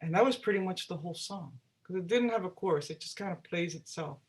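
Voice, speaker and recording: A woman singer-songwriter, a guest in an interview, telling stories in a lively way and acting out the dialogue she quotes. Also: fairly low pitch, fast talker. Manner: animated, acts out quoted dialogue. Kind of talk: storytelling in a casual interview.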